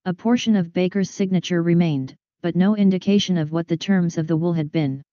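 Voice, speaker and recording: A woman reading a detective story aloud in a measured, even storytelling manner, in a dull lo-fi recording. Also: lowish voice, dry recording. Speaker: audiobook reader. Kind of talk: scripted narration of a detective story.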